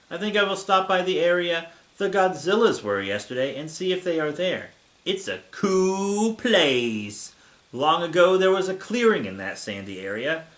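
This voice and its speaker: A man's voice: fairly high pitch, a bit bright, reverberant, voice pushed up. A man reading the first-person narration of a naive young female giant moth, in a storybook manner.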